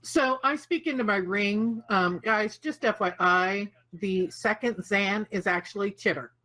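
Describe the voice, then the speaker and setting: A woman chatting as a player in an online tabletop game. She is bubbly and quick to laugh at herself, and keeps apologizing. Her voice sits at an ordinary middle pitch. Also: bright, forceful tone, poor audio. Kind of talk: casual tabletop game play.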